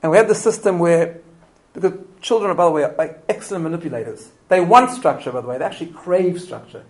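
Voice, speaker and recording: A man's voice: on the high side, fast talker, poor audio. A middle-aged man giving a live parenting talk to an audience, telling stories with restarts and asking the room questions. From immigrant to Australia. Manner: animated storytelling with restarts and rhetorical questions. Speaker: parenting lecturer.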